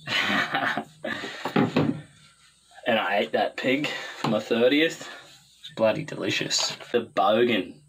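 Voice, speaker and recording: A man's voice: lowish voice, takes it slowly, creaky, long pauses, noisy background. A man with an Australian accent voicing a brash, crude, boastful larrikin in a comedy sketch clip. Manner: boastful, swaggering, slangy.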